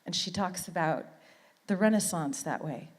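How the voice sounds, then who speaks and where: A woman's voice: lowish voice, moderate pace, in a large hall. A middle-aged woman from Canada giving an earnest, heartfelt motivational talk as a conference speaker, often repeating words for emphasis.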